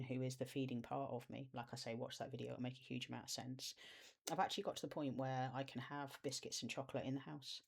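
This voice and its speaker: A coach of inner child healing talking to camera in a soft, nurturing and encouraging way, with chatty informal asides. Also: mid-range voice. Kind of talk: self-help video talk to camera.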